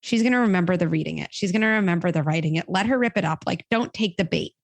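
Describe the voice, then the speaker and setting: A woman psychologist giving parenting advice in conversation, animated and acting out the lines parents and children say. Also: lowish voice, fast, gravelly, no echo. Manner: animated, acts out quoted dialogue.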